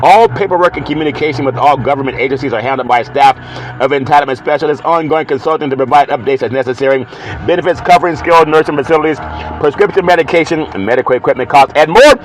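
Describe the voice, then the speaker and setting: A man hosting a sports talk show, chatting playfully and reading a live ad with bursts of loud excited exclamations. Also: medium pitch, quick pace, low-quality recording. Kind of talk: casual talk show monologue with live ad read.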